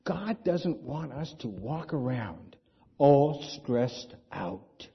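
Husky-voiced man preaching a sermon. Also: mid-range voice, sing-song, very slow. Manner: conversational preaching with rhetorical questions. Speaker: pastor. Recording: dull lo-fi sound.

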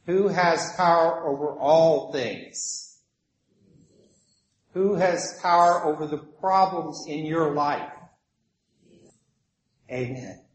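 A man with a fairly high pitch preaches slowly, leaving long pauses. He brings a story to life with animated narration and acted-out voices, and the echo of the room is audible.

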